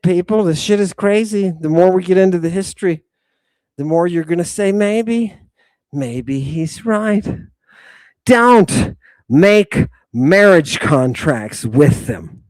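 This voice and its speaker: Male host, livestreamed lecture; emphatic, repeats himself, talks at the audience; unhurried delivery. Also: fairly high pitch, darkish tone, dry recording, studio quality. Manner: combative, addresses audience directly; emphatic, repeats his points.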